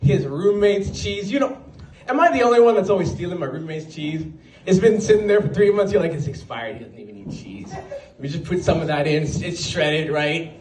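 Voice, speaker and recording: A man telling animated stand-up stories at an open mic night, full of quick asides. His voice sits a little high. He sounds set back from the mic in a roomy venue with a faint hum behind him. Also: recorded from a distance. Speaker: stand-up comedian.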